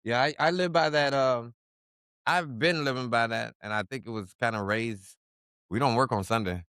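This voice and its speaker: A man in relaxed podcast conversation who laughs easily and pokes fun at himself. His voice is smooth and clear at a middle pitch. The sound is dry and close to the mic. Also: normal speed, dry recording. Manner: relaxed, laughing, self-deprecating. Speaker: podcast co-host who works with youth. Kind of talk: casual podcast chat.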